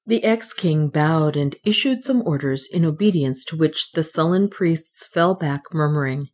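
Female audiobook narrator, lower register, measured and clear delivery. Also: animated, darkish tone.

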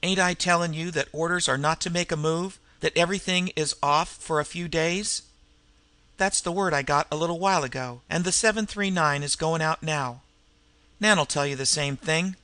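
A man voicing a gruff, snarling male crook boss who growls and snaps in street slang. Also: a little high, normal speed, pushed and bright, dry recording. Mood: angry.

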